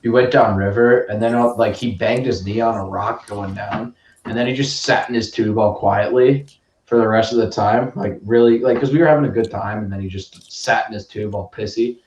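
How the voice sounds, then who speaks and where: A man's voice: fairly low pitch, moderate pace, a little mellow. A man co-hosting a casual podcast, telling stories in a rambling, profane way full of "like". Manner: rambling, profane storytelling with lots of "like". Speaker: podcast co-host. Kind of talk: casual chat. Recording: echoey room, distant mic, faint noise.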